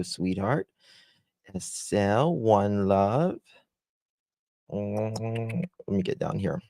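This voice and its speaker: Male stream host, relaxed chat style, affectionate with his viewers, lowish voice, dead dry sound in a room at home. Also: vocal fry, no room sound. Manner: greets viewers by name with pet names. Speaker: true crime live-stream host. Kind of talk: casual live-stream chat. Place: room at home with blinds closed.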